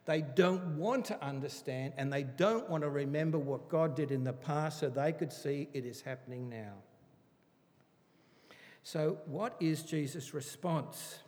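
A man teaching through a Bible passage in an animated, emphatic, chatty way. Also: a little high, measured pace. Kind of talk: conversational Bible study sermon. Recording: reverberant hall.

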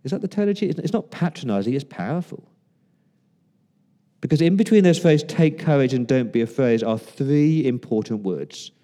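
Mellow and expressive in the mid range, a pastor preaches conversationally, pausing dramatically and putting rhetorical questions to the congregation. He voices quoted lines as little characters.

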